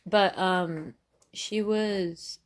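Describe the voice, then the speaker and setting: A woman's voice: mid-range voice, steady tone, very slow, slight background noise. A young woman hosting a casual podcast, telling a story in a rambling, giggly way, full of "like", recorded on a phone. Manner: rambling, giggly, heavy use of "like". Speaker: podcast host. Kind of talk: casual chat.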